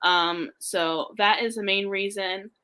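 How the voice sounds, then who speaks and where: A woman, a guest on a live interview, explaining earnestly and halting with many fillers. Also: medium pitch, steady tone, bright, forceful tone, smooth, poor audio.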